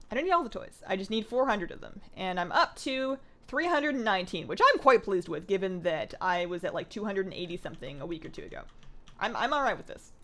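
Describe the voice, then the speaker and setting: Woman from canada rambling on a game stream, voice bounces around a lot, reads chat out loud. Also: medium pitch. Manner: chatty, rambling, reads viewer comments aloud. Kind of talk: casual livestream chat while gaming.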